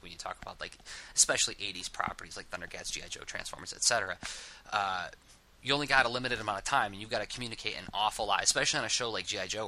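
A man's voice: low-pitched, pushed and bright, a little hiss or hum, poor audio. A man hosting a casual interview, talking at length with frequent restarts and asides. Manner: talkative, restarts and rambles. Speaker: host of a comics podcast.

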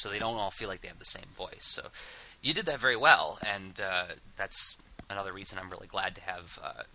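Guy hosting a chat, low voice but really bright, rambles and restarts a lot. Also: gravelly, a little hiss or hum, rough recording. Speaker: host of a comics podcast. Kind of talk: casual interview chat.

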